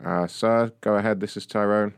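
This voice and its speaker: A man with a fairly low voice plays a rude support agent on a prank call. He rants, swears and hurls insults at the caller. His voice is close-miked and dry. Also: steady tone, moderate pace, clean tone, no room sound. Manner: aggressive, insulting, ranting. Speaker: prank caller posing as customer service. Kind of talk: prank phone call comedy.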